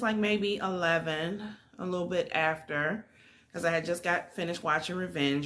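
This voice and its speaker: Middle-aged woman, storytime vlogger, low-pitched yet bright, animated and emphatic. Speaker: vlogger telling a personal story. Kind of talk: casual storytime.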